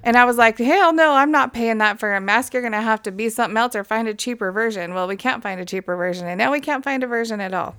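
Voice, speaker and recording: A woman's voice: fairly high pitch, fast talker, few pauses, fairly bright tone, clear, resonant tone, no room sound. A woman in casual podcast chat, talkative, swearing freely and laughing often.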